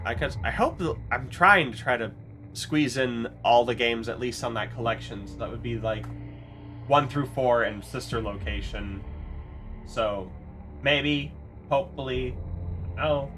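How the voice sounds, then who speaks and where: A man narrates his gameplay in an unhurried, rambling way, often breaking off and restarting his sentences. His voice is bright and forceful, and faint game music plays behind him. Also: medium pitch. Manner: rambling, self-correcting, chatty asides. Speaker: let's play host. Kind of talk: casual gameplay commentary.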